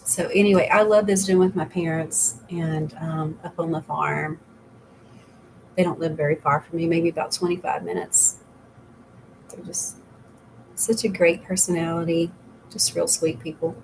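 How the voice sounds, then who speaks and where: A woman's voice: low-pitched, steady tone, moderate pace, pauses often, slight background noise, poor audio. A middle-aged woman giving a casual makeup tutorial as a makeup consultant, rambling and chatty with frequent laughs.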